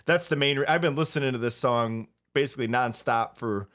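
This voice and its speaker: Male host, middle pitch, relaxed chatty delivery with repeats. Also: brisk. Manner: agreeable, stammering, joking. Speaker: podcast host. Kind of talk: casual chat.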